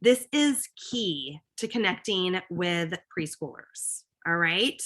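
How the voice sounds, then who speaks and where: A middle-aged woman gives a lively, emphatic presentation to parents as a coach. Her voice is bright and forward, and she keeps checking in with her listeners as she goes. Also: on the low side, slow. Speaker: parent coach giving a talk.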